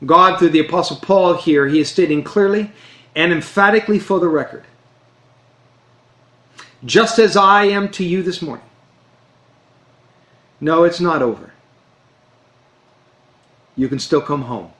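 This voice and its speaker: Man, preacher, earnest sermon, emphatic, slows for emphasis, high voice, echoey room. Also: fairly bright tone. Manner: earnest, emphatic, slows down to stress key phrases. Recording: roomy echo.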